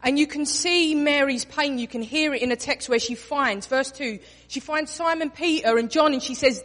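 A woman's voice: high voice, normal speed, few pauses. Woman preaching in an echoing hall. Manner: expressive, acts out quotes in voices. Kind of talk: sermon. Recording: reverberant hall.

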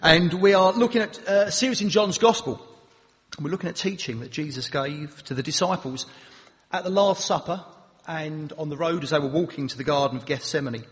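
A man's voice: fairly high pitch, fairly bright tone. A man with a Cockney accent preaching a sermon in church, chatty with friendly asides as he reads scripture aloud. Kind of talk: sermon with Bible reading. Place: church sanctuary. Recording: long reverb of a large hall.

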